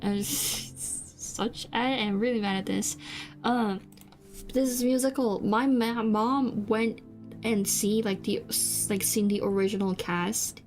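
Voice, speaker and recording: A woman's voice: mid-range voice, fairly even intonation, takes it slowly. A young woman from South Korea whose first language is Korean, chatting casually on stream in a rambling, hesitant way with many fillers and restarts. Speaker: VTuber streamer. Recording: faint background music.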